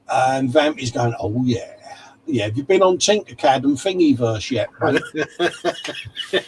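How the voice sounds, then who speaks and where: A man's voice: medium pitch, lively intonation, slow, pauses often, slight background noise, rough recording. Chatty man calling everyone mate. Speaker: livestream co-host. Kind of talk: casual chat reading out live comments.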